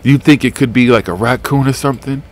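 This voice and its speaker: A man's voice: medium pitch, fast talker. A man hosting a live paranormal radio show, chatting in a rambling, profane, laid-back way. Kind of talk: casual live radio chat.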